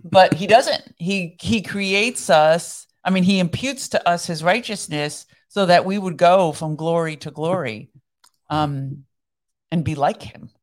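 A woman's voice: fairly low pitch, measured pace. Earnest woman co-hosting a devotional podcast. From Iran. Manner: earnest, reads scripture aloud with emphasis. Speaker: podcast co-host. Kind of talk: casual devotional chat.

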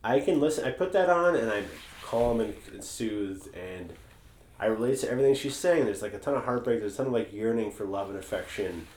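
Podcast co-host, male, lowish voice, rambling and profane, echoey room. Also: fairly quick, a little hiss or hum. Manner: rambling, animated, swears freely. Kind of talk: casual chat.

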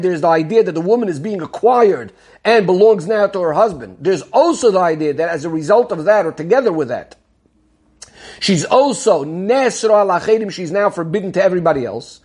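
Male Torah teacher, high husky voice, patient explanatory lesson delivery. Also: darkish tone. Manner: explanatory, repeats key terms, Hebrew and Yiddish terms. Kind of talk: Talmud lesson.

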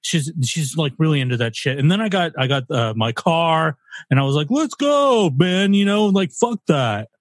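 A man putting on a loud, crude California guy who swears and rambles. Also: fairly high pitch, lively intonation, normal speed, dry recording, studio quality, voice pushed up, lightly acted. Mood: rowdy.

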